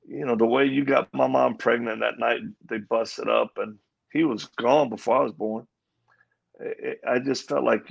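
A man's voice: mid-range voice, fairly even intonation, measured pace, creaky, slightly rough, lo-fi sound. A man giving his personal testimony as an interview guest, earnest and acting out the voices in his story. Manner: earnest storyteller, acts out quoted dialogue. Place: live event at a Christian coffee house.

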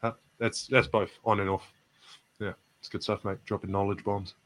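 A man's voice: lowish voice, flat delivery, normal speed, fairly bright tone, a little hiss or hum. Laid-back Kiwi man saying "mate". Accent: New Zealand. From New Zealand. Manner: laid-back, self-deprecating, says "mate" often. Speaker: basketball player. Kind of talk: post-game press interview.

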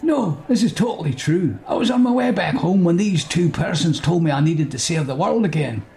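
A man doing a sheepish, gravelly hero husband. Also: a little high, animated, moderate pace, a little mellow. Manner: placating, sheepish. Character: sheepish, excuse-making male hero husband.

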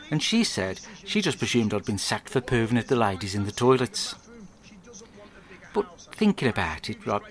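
Crude deadpan English man rambling. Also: medium pitch. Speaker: podcast host. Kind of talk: comic diary monologue.

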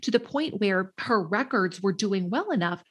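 A woman host telling a story in casual chat, animated and quick to laugh, acting out what people said. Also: medium pitch, breathy edge. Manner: animated, laughing, acts out quotes in voices. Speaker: podcast host.

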